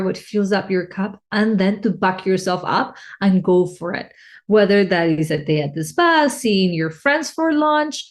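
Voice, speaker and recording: In a mid-range voice with a darkish tone, a woman life coach speaks emotionally on her solo podcast about personal needs and connection. She's reflective and often begins phrases over.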